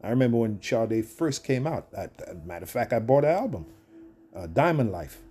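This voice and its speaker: A man's voice: mid-range voice, very animated, a little fast, warm tone, breathy edge. A man in his fifties ranting to camera in a combative, rambling way, with frequent stammered restarts as he talks through a video. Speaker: video commentator. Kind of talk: casual rant to camera.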